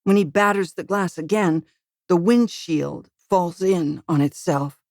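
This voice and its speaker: A woman reads a first-person thriller audiobook in a slow, deliberate delivery with a slightly low voice. The recording is close and dry, with no room sound. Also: no room sound. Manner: measured, steady, dramatic. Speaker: audiobook narrator.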